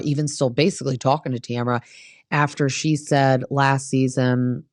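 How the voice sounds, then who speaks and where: A woman's voice: rumbling low, steady tone, unhurried, dry recording, studio quality. A woman hosting a casual gossip recap of reality TV, blunt and opinionated, who swears freely.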